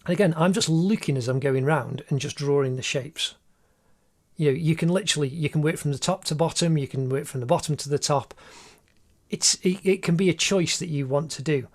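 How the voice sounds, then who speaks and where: An art teacher with a voice on the high side speaks briskly in a voice-over recorded while he draws. He walks through a drawing tutorial step by step, encouraging throughout.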